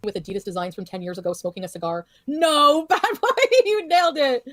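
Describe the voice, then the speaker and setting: A woman's voice: high-pitched, very animated, brisk, no echo. A woman livestreamer ranting in casual chat, blunt, profane and dismissive.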